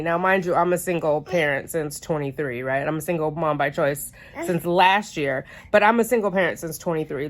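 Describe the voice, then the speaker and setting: Chatty woman vlogger, a bit congested. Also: on the low side. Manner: chatty, rambling with asides and self-corrections. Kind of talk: casual advice chat to camera. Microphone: phone camera.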